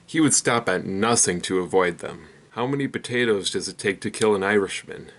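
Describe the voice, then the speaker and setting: A young man hosting his own channel, telling a rapid string of one-liners in a deadpan way. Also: fairly low pitch. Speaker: comedy channel host. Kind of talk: rapid-fire joke telling.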